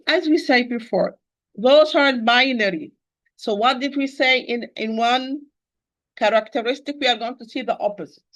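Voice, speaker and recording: Patient woman teaching Quran recitation. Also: on the high side. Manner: patient, repetitive, addresses listeners as dear sister. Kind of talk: online tajweed lesson.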